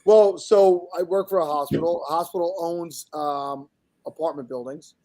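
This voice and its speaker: A man's voice: on the high side, normal speed, warm tone, rough recording. A man hosting a podcast, answering questions and firing off dry, wisecracking comebacks in casual banter. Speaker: podcast host.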